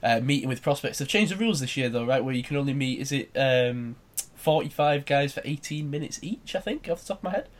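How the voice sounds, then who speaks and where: A man hosts a podcast in a relaxed, easygoing way. He laughs easily and fills pauses with ums and uhs. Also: medium pitch. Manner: laid-back, laughs easily, hesitant fillers. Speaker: podcast host. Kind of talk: casual chat.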